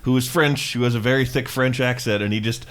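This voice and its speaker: A man's voice: medium pitch, fairly even intonation, a little fast, a bit bright. A man co-hosting a comedy podcast, telling stories and riffing in a laid-back way. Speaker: podcast co-host. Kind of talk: casual comedic chat.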